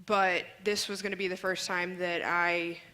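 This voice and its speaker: A young woman sharing a personal testimony in casual conversation, earnest and halting with many fillers. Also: lowish voice, flat delivery, sharp tone. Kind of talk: casual church talk show chat.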